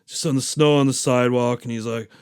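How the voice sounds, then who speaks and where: A man's voice: medium pitch, steady tone, fast talker, a little mellow, clean tone. A man hosting a podcast, recapping a movie in a rambling, profane, casual way. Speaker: podcast host.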